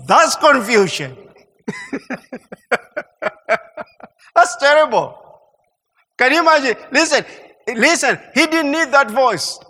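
Guy preaching, high bright voice, stammers then gets loud and emphatic, big echoey hall. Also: slow, long pauses. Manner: animated, mimics mock prayer sounds and laughs; stammering restarts, rising to emphatic peaks. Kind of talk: sermon. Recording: long hall reverb.

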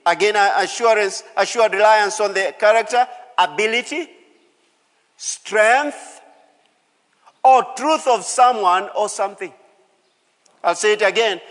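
A man's voice: high voice, measured pace, pauses often, a bit bright, in a large hall. A man preaching a sermon as pastor, emphatic, repeating key phrases and calling out to the congregation. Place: church hall.

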